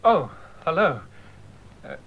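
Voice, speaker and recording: An actor playing a polite, puzzled young man who answers slowly with awkward laughs. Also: a little high, sing-song, gravelly, full character voice. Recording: dull lo-fi old tape.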